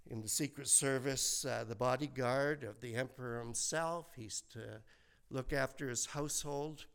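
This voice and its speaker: A man in his seventies preaching a sermon in a slow, conversational way, full of rhetorical questions and folksy asides. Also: medium pitch, vocal fry. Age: 70s. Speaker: pastor.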